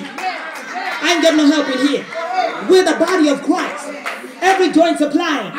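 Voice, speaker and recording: A woman pastor preaching a fiery sermon with call-and-response, rising often into shouts. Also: sits high, animated, unhurried, pauses often, heavy background noise. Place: church sanctuary with congregation. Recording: echoey church with crowd.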